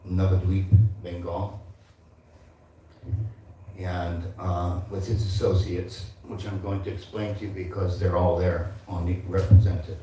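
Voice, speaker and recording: A man's voice: low-pitched, flat delivery, unhurried, mellow, a little hiss or hum. A man in his seventies giving a devotional class, reciting verses and speaking to the audience. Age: 70s. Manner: recites Sanskrit verses and teaches with asides to the audience. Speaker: temple speaker. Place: large echoey temple hall. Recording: echoey hall from far off.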